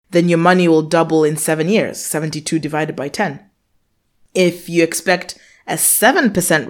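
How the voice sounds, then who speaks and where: A woman in her thirties hosting a finance podcast, talking through calculations step by step in an upbeat, explanatory way. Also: fairly low pitch. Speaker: podcast host. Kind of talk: scripted finance podcast monologue.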